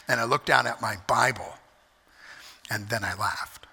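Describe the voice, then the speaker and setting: Male pastor preaching in a big echoey church, gravelly voice, repeats his points and asks the crowd questions. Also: mid-range voice, a little slow, pauses often, bright, forceful tone. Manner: emphatic, repeats key phrases, asks the congregation questions. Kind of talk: sermon. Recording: echoey hall with long reverb.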